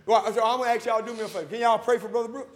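A man's voice: very high voice, steady tone, racing. Fervent preacher in his sixties. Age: 60s. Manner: fervent, rising to shouts, calls and responses with the congregation. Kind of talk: sermon. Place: church sanctuary. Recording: long hall reverb.

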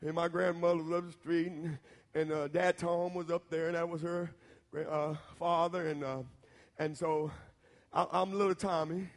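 A Southern American preacher with a fairly high voice tells a folksy story in his sermon and keeps checking in with his listeners. His delivery swells into shouted points. The sound carries a long hall reverb. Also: little pitch movement, moderate pace. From Southern United States. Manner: folksy and talks straight to the audience, building to shouts.

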